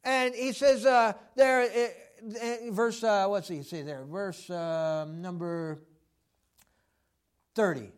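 A man preaching a sermon, animated, acting out quoted voices with many fillers. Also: high-pitched, takes it slowly, clean tone.

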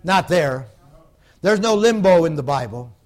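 A man preaching a fervent sermon, swinging between loud outbursts and low hushed warnings. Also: animated, unhurried.

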